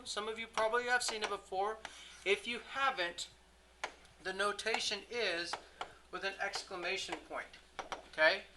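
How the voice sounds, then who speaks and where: A math teacher works through a lesson in a classroom. The voice is strikingly bright and crisp, sitting at a middling pitch. The teacher keeps checking in with the students, throws questions to them and fixes their own slips on the fly. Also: slight background noise, rough recording. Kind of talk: classroom lecture.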